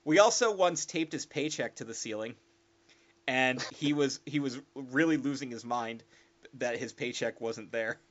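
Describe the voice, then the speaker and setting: A man swapping prank stories in casual chat, laughing often and getting loud when he acts out what people said. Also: medium pitch, normal speed, lo-fi sound. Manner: laughing, animated, gets loud when quoting. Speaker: former hotel worker sharing a story.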